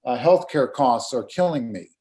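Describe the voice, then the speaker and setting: A middle-aged man, a graphic designer and community volunteer, talking casually in an online community meeting over a video call. He speaks earnestly and haltingly, often repeating words as he gathers his thoughts. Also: medium pitch, lively intonation, dark tone, slight background noise.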